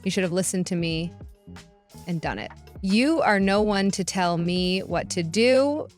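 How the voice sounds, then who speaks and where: A woman's voice: lowish voice, measured pace, soft background music, lightly acted. A woman voicing an entitled, haughty older sister in a story reading, angry and self-pitying.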